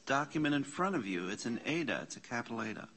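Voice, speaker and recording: A man's voice: medium pitch, sing-song, fast, fairly bright tone. A man teaching a classroom lesson on Bible Greek in a church classroom, patiently spelling out letters and parsing words aloud.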